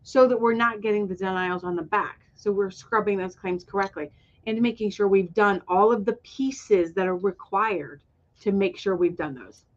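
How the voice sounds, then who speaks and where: A woman speaking with enthusiasm as a guest on a webinar. She rambles a little and fills gaps with ums. Her voice sits at a middling pitch and comes through a dull, lo-fi call line. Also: moderate pace. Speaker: guest, retreat organizer. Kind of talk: webinar conversation.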